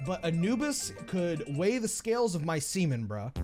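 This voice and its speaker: Ein Mann, der einen Videoessay moderiert und derb-witzig kommentiert. Seine Stimme springt lebhaft auf und ab, mal hoch, mal tief, und sein Ton ist unverblümt und frech. Hinter ihm läuft deutlich hörbar Musik. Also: male voice, moderate pace. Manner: blunt, crude, jokey, with lively swings of pitch. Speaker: video essay host. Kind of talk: crude comedic commentary on game characters. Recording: voice-over with loud music behind.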